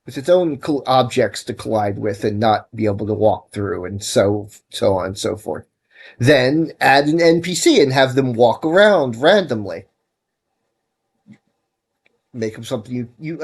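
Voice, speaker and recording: Rambling, tired man streaming while coding. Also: medium pitch. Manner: rambling, self-correcting, advice-giving. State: tired, yawning. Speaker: livestreaming game developer. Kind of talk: casual livestream commentary while programming.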